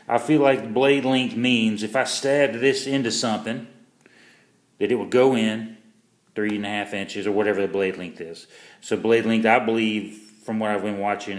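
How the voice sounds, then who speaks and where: A man's voice: medium pitch, reverberant. A man reviewing a pocket knife in a casual vlog, rambling and self-deprecating, with lots of fillers and restarts.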